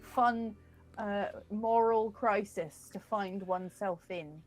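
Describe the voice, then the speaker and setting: A woman's voice: medium pitch, slow, soft background music. A woman playing in a tabletop game, joking around and laughing often with the table. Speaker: player. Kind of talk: casual tabletop play.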